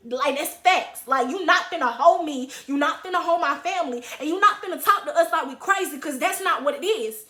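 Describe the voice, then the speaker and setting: A young woman in her twenties telling a story in a casual vlog, animated and dramatic, with acted quotes. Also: high voice, a little fast, few pauses. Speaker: vlogger. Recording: roomy echo.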